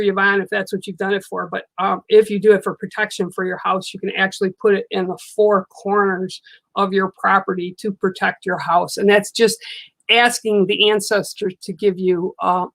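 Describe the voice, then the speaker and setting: An older woman hosts a casual livestream, reading cards and chatting with viewers, answering their comments in a reassuring way. Her mid-range voice is a bit bright, with vocal fry and a flat delivery at normal speed.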